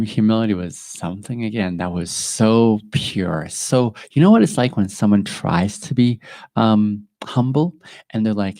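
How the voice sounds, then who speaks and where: A man with a very low voice speaks in an earnest, halting way, pausing and restarting as he reflects aloud on his podcast. He sounds emotional and close to tears. The recording is dry and close, with no room sound. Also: dark tone, no echo. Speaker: podcast host. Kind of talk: reflective personal monologue.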